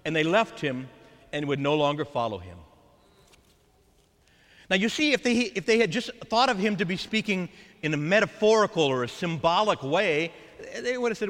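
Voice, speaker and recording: A man preaching a sermon as a priest, animated and acting out the voices of scripture. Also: sits high, moderate pace. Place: church. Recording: long church reverb.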